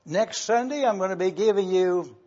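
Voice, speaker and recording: In church, a male pastor teaches a sermon slowly and deliberately, spelling out Greek words for the congregation. His high voice is expressive and warm, though the recording's highs are cut off.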